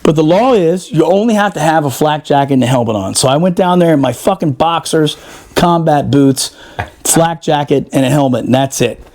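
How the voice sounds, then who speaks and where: Profane, animated man telling a story. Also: on the high side, moderate pace. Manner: profane, animated, laughing often. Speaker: podcast storyteller, former Marine. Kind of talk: casual storytelling.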